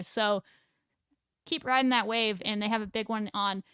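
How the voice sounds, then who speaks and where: A woman's voice: medium pitch, steady tone, moderate pace, pushed and bright, smooth, dry recording, studio quality. A young woman co-hosting a casual sports recap show. She talks in a chatty way, laughs often and reads viewer comments aloud. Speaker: sports podcast co-host.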